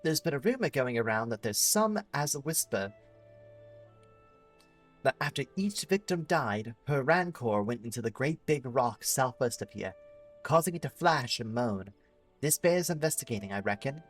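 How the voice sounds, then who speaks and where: A wary village woman sharing rumors, as a man reads her lines aloud. The reading is plain and a little stumbling, mid-pitched with almost no put-on voice. Soft music drifts behind it. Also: normal speed, natural voice. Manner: reading quest text aloud, flat and slightly stumbling.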